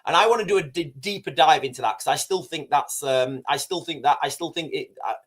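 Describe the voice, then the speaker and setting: A man's voice: fairly high pitch, brisk, a bit bright. A man hosting a casual livestream, rambling, repeating himself and talking straight to his chat. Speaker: livestream host.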